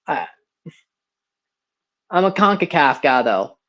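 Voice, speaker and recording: A man's voice: on the high side, sing-song, slow, fairly bright tone, muffled recording. A 21-year-old man with a near-Southern American accent, calling plays and rambling bluntly in slangy casual chat while hosting a livestream watchalong. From Mississippi, USA. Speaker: livestream host.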